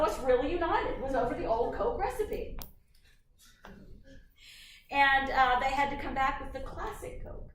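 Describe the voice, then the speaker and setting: A woman giving a university lecture in a lively, chatty way, often putting questions to the class. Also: sits high, moderate pace, pauses often, a little hiss or hum. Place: lecture hall. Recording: echoey hall, from far off.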